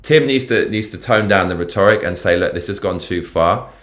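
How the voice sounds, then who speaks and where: Deep-voiced london guy on his stream, swears a lot, slangy and rambly. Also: fairly quick, fairly bright tone. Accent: London English. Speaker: livestream host. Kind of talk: casual political commentary livestream.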